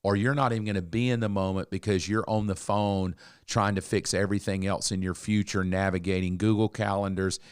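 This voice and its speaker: A man in his 60s co-hosts a podcast, telling a story in a casual chat and animatedly acting out the lines of the people involved. His voice is fairly low and smooth, in a dry, clean studio recording.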